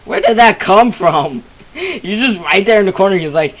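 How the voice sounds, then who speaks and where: A man giving casual let's-play commentary from home, excitable, rambling and easily startled. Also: high-pitched, moderate pace, low-quality recording. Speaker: gamer.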